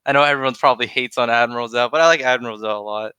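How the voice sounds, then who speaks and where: A man's voice: mid-range voice, fairly even intonation, racing, bright, forceful tone, smooth, dry recording. A young man co-hosting a podcast, chatting casually and rambling with restarts and fillers. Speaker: podcast co-host. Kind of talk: casual chat.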